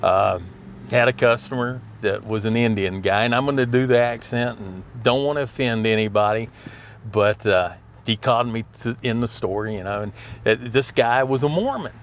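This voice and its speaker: A man's voice: medium pitch, normal speed, slight background noise. A middle-aged man, telling rambling, folksy stories and often laughing. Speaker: storyteller. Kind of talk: casual storytelling.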